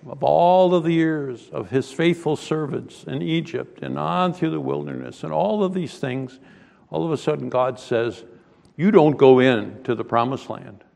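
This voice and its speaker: Man, preacher, gravelly voice, scripture reading and sermon, sudden loud high bursts, reverberant hall.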